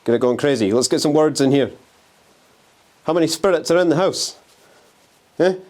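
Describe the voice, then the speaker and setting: A man's voice: a little high, lively intonation, normal speed, a little mellow. A young man vlogging as he explores an abandoned house, talking restlessly and swearing while he taunts the spirits. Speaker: urban explorer and ghost hunter. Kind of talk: handheld exploring vlog. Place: abandoned house on a windy day.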